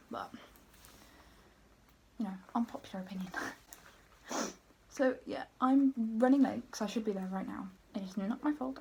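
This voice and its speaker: A woman's voice: medium pitch, creaky, a little mellow, a little hiss or hum. Chatty Southern English woman vlogging. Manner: chatty and rambling, laughs often, sometimes drops to a whisper. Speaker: book vlogger. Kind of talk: casual vlog chat. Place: at home, moving between rooms.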